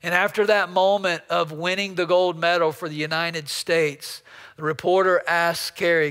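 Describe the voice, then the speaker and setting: A man's voice: fairly high pitch, flat delivery, moderate pace, fairly bright tone, clean tone, big-room sound. A man preaching a storytelling sermon as pastor, often repeating words as he builds up a story. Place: church sanctuary.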